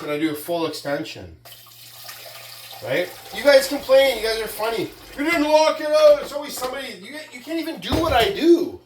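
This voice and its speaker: A fairly high-pitched man rants at his viewers in a casual vlog, boastful and taunting. The room is echoey, with a faint ambient hum behind him. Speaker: weightlifting vlogger.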